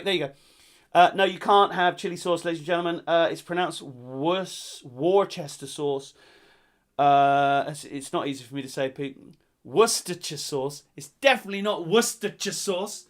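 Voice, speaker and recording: A man's voice: a little high, normal speed. A man from England hosting a live-streamed pub quiz, reading out answers and teasing players in a jokey, playful way.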